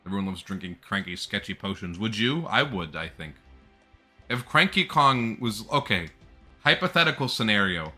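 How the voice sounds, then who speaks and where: A man's voice: lowish voice, very animated, normal speed, sharp tone, faint music behind. A young man chatting casually on a live stream, rambling and laughing often.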